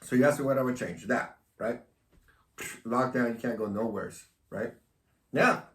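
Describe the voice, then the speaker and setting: A man's voice: medium pitch, normal speed. A man hosting a casual chat, provocative and teasing, laughing often. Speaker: host. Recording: echoey room, mic at a distance.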